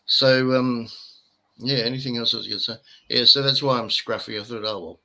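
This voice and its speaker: A man's voice: medium pitch, steady tone, brisk, gravelly, sharp tone, low-quality recording. An Australian man rambling and joking as co-host of a casual live stream, tired after little sleep. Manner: rambling, jokey, chatty. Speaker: livestream co-host. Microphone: webcam.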